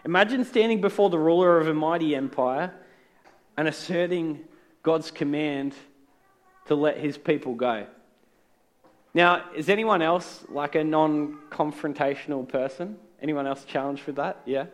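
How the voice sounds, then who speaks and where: A man's voice: a little high, unhurried. Man preaching in a conversational tone. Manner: earnest, conversational preaching with light humor. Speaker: pastor. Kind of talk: sermon. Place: church.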